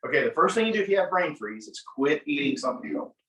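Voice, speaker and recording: A man who is an attorney, coaching a class on mock trial in an animated way, acting out courtroom exchanges. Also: on the high side, quick pace, noisy background. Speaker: attorney, guest speaker. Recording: echoey room, mic from far off.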